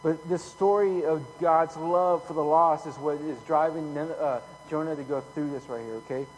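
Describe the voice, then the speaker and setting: A man preaching a casual, conversational sermon full of slang, growing louder when he reads scripture. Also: on the high side, fairly even intonation, normal speed. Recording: hall reverb, faint hum.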